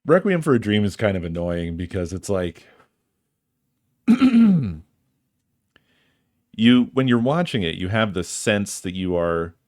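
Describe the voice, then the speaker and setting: A man's voice: sits low, expressive, normal speed, hardly any pauses. A male streamer in casual chat with his viewers, musing in a dry, wry way and swearing freely.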